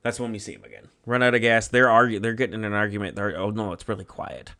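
A man's voice: on the low side, steady tone, fast talker, pushed and bright. A man co-hosting a podcast, casually telling a made-up story in a rambling, profane way. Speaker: podcast co-host.

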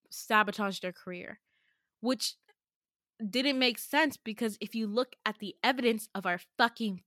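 A young woman tells a dream story on her podcast, her voice lively and quick to jump up when she acts out the lines. She swears freely and talks straight into a close mic. The sound is dry, with no room in it. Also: mid-range voice, no echo. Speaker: podcast host. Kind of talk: casual storytelling monologue.

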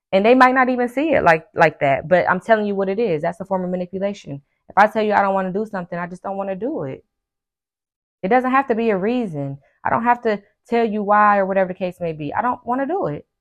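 A woman's voice: medium pitch, animated. A woman hosting a podcast, giving casual motivational advice in an emphatic, preachy way, repeating her key phrases and acting out what her friends say. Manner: acts out friends' lines in quick asides. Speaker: podcast host and life coach.

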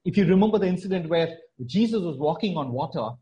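A man delivering a sermon with a fairly high but warm, mellow voice. He preaches earnestly, leaning on repeated phrases and dropping soft before building back up with emphasis. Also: animated, quick pace, rough recording.

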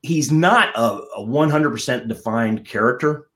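A middle-aged man, a comedian and ventriloquist, telling stories as a guest in a casual interview. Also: measured pace. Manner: animated storyteller, lively pitch swings.

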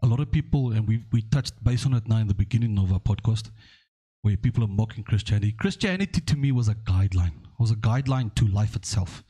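A man's voice: fairly low pitch, expressive, fast talker, warm tone, slightly rough. A man hosting a podcast, rambling through stories and history while checking in with "okay?". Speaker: podcast host. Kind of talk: casual podcast discussion.

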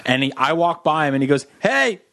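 A man's voice: medium pitch, fast, dry recording, studio quality. A man co-hosting a comedy podcast, telling stories casually and acting out voices and sounds as he goes. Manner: animated, acts out voices and sounds in his stories. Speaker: podcast co-host.

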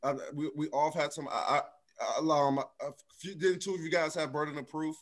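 A young man in a casual chat, talking in halting, repeated starts. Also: on the high side, fairly even intonation. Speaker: podcast co-host.

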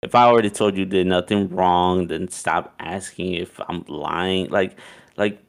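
A man's voice: deep voice, steady tone, a little slow, vocal fry. A young man casually telling a story, loose and profane, with "like" in nearly every line. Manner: loose and profane, heavy use of "like".

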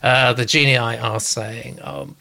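Bright, gravelly man hosting live chat. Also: mid-range voice, steady tone, takes it slowly. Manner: hesitant, lots of uh and um. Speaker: host.

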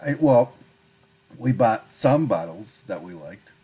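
A man co-hosting a casual podcast, dry and laughing often, with halting restarts. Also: on the low side, lively intonation, mellow, breathy edge. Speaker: podcast co-host. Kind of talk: casual chat over drinks.

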